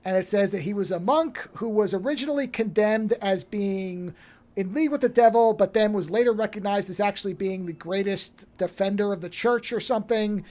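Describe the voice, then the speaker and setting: A man co-hosts a casual podcast, walking through a horror film's plot. He talks in an animated, rambling way, often restarting his sentences. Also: high voice, a little fast. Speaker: podcast co-host. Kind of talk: casual film-discussion chat.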